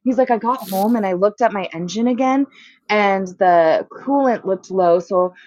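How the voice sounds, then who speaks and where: A young woman co-hosting a casual chat, telling an exasperated story and acting out quotes with big jumps in pitch. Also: moderate pace, darkish tone, dry recording, dull audio. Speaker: co-host.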